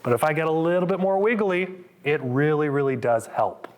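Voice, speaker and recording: A man's voice: on the high side, lively intonation, brisk. A middle-aged man, a physical therapist, coaching a live group through exercises with upbeat cues and counts.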